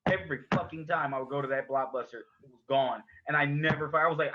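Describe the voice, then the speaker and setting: A man's voice: a little high, fairly even intonation, fast talker, noisy background. A young man chatting casually as a podcast co-host, telling rambling, profane stories and laughing at them. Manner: profane, rambling storyteller who laughs at his own stories. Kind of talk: casual chat. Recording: dull lo-fi podcast audio.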